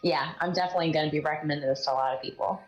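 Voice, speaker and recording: A woman's voice: low-pitched, very fast, highs cut off, faint music behind. A woman chatting about a book on a video call, hesitant with lots of ums, still getting over a cough. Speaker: guest. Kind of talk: casual book chat.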